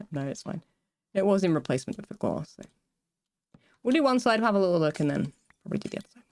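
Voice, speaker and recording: Her lowish, slightly mellow voice is sing-song and quick as she builds in a game on stream. The woman rambles casually to chat, stopping mid-sentence and laughing often.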